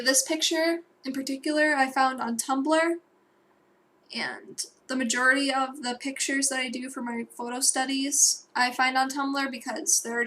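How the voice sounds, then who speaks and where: A woman's voice: high-pitched, a bit bright, slight background noise. A young woman narrating a digital painting tutorial at home, rambling and correcting herself as she goes. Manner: rambling, self-correcting, with fillers and asides. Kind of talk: casual tutorial voice-over.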